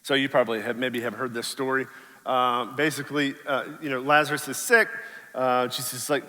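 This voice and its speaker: A man's voice: medium pitch, flat delivery, brisk, bright, forceful tone, big-room sound. A man, a pastor, preaching a sermon in a casual storytelling way, acting out the people in the story. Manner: casual storytelling, acts out quotes in voices. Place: church sanctuary.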